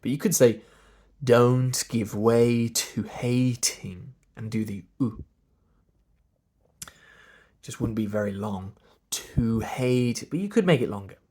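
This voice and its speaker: A man's voice: lowish voice, expressive, measured pace, long pauses, dark tone, slightly rough. A man with an English RP accent, coaching pronunciation by drilling sounds one at a time and explaining them. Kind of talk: slow pronunciation lesson.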